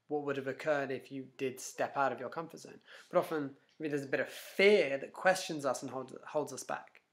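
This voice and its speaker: A man giving a casual motivational talk to camera, telling stories with lots of restarts and acting out inner voices. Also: on the high side. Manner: animated storyteller, frequent restarts, acts out inner voices. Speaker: self-help vlogger.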